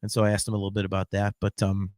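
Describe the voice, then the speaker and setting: A man hosting a podcast, telling a long casual story in a rambling, excited way with plenty of casual swearing. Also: lowish voice, very fast, no room sound, studio quality. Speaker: podcast host.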